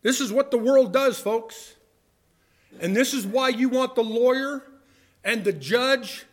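A male pastor preaching a sermon, acting out courtroom exchanges and moving between loud bursts and quiet asides. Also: very high-pitched, measured pace.

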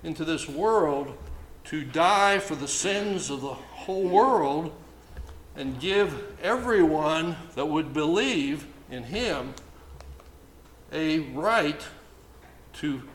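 Male pastor preaching, slow, deliberate and emphatic, slightly high voice, roomy echo. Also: animated, a little hiss or hum. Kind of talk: sermon. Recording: echoey room with faint ambience.

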